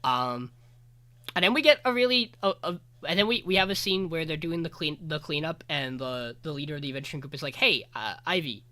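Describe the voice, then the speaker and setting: A podcast co-host gives a rambling, casual recap of an anime episode, full of filler words and the occasional swear. His voice is a little high and sharp in tone, expressive and a little fast.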